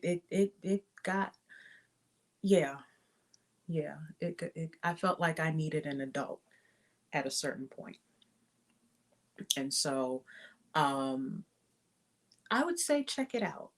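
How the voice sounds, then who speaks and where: A woman with a low voice talks through her review of a film at an unhurried pace. She speaks casually and thinks aloud, with frequent fillers and restarts. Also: steady tone. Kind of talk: casual spoken movie review.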